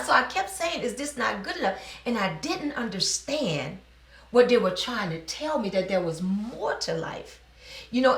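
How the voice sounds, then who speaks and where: A middle-aged woman from New Orleans, a business owner telling her personal story in an interview, animated and acting out the dialogue she quotes. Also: on the high side, far from the mic. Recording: echoey room.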